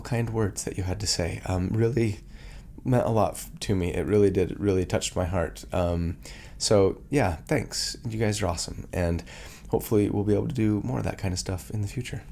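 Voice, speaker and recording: A man hosting a tabletop game channel, chatting casually to camera while fighting a cold that is making his voice go hoarse. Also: low voice, a little hiss or hum. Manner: chatty and rambling, warm thanks to viewers. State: has a cold, voice going hoarse.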